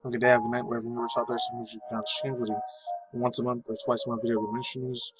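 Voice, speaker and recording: A laid-back man rambling through casual news commentary, swearing freely. His voice is a plain middle pitch. A lofi music track plays clearly under him the whole time. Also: completely flat delivery, racing, poor audio. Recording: voice over lofi background music.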